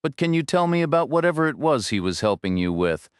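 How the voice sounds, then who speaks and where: A man's voice: on the high side, big pitch swings, fast, smooth, dry recording, clean studio sound, voice pushed up. A man voicing a determined young woman lawyer, earnest and persistent in her questions.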